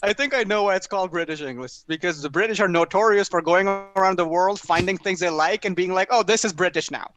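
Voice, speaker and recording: A man's voice: high voice, quick pace, few pauses. A man doing a sardonic stand-up set at a small open mic, mocking people with put-on voices. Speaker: stand-up comedian.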